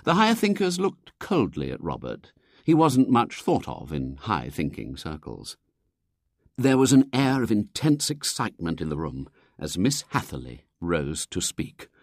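An audiobook narrator reading a comic children's story in a lively, highly expressive way. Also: a little slow, dry recording, studio quality. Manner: lively, very expressive reading with wide pitch swings.

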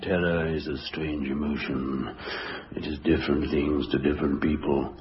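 A deep ominous horror narrator. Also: male voice, little pitch movement, over music. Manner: slow ominous intoning. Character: sinister male horror-show narrator. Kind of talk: 1960s radio comedy sketch. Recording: dull old radio recording with noise.

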